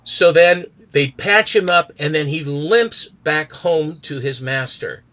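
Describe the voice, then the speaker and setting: A man's voice: on the high side, slow pace, fairly bright tone. A man in a podcast chat retelling a comic book story, reading out its characters' lines. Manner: acts out characters with accents while retelling. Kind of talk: animated storytelling, reading out dialogue.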